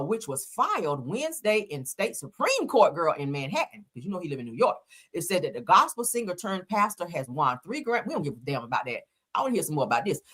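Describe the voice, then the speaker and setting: Woman, gossip commentary, sassy and dramatic, bright, breathy. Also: mid-range voice.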